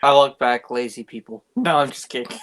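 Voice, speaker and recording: A man's voice: medium pitch, fairly quick, crowd noise. A man playing a tabletop game, bossy and cautious, ordering others to check for traps and teasing them. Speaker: player. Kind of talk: casual tabletop play.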